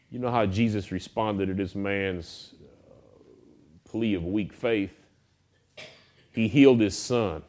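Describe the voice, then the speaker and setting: A man preaching a sermon, telling stories in a folksy, animated way. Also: lowish voice, slow, pauses often. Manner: folksy, animated storytelling with acted quotes. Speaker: pastor.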